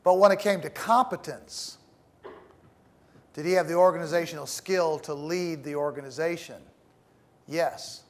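A middle-aged man giving a classroom lecture, speaking in a measured, deliberate way with pauses and the odd repeated word. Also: on the high side. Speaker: teacher.

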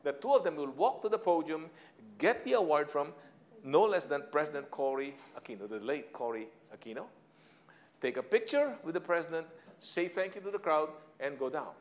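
A man in his sixties with a Filipino accent gives a humorous motivational talk on leadership, telling personal stories with theatrical flair. His voice sits on the high side and is expressive at a normal speed. He chuckles at his own jokes and drops in Tagalog phrases.

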